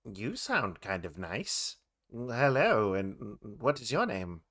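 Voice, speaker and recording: A man voicing a flirtatious, showy male halfling bard in a tabletop game, talking in a smooth, theatrical way. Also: lowish voice, very animated, slow pace, fairly bright tone, pitched below the performer's own voice, exaggerated voice. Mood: flirting. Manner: theatrical, smooth-talking, grandiose self-introductions. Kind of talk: tabletop role-play character voice.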